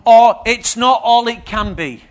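A man's voice: very high voice, measured pace. A man preaching a sermon, questioning his congregation as he goes.

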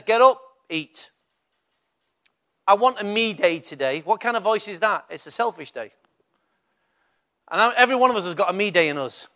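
Guy pastor w a high voice, chatty sermon that builds up loud in spots. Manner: conversational preaching, rising to emphatic bursts.

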